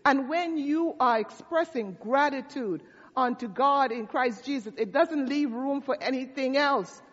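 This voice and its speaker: A woman's voice: sits high, a little slow. A woman pastor preaching a sermon, telling a story in a conversational way with asides to her congregation. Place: church sanctuary. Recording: dull sound with long hall reverb.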